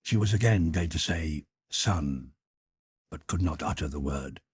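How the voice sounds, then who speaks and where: A man reads a classic novel aloud as a measured, expressive audiobook narrator. His voice is low and very husky, with a lively, wide-ranging pitch. The sound is close and dry. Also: no echo.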